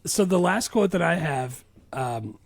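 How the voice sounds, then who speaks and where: Middle-aged guy on a podcast, kinda high, raspy voice, laughs a lot. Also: expressive, unhurried, no echo. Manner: laughs often, quotes movie lines in put-on voices. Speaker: podcast co-host. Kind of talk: casual chat.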